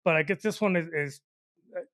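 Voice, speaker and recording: A man's voice: on the high side, a little fast, fairly bright tone, no room sound, clean studio sound. Rambling man telling a comic story. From El Paso, Texas, US. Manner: rambling, full of "you know" fillers. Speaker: podcast co-host. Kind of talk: casual comedic storytelling.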